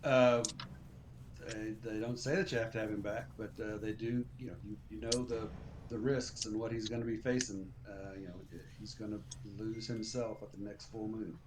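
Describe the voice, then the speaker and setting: A man running a tabletop game as game master, talking in a relaxed way with many fillers. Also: lowish voice, moderate pace, noisy background.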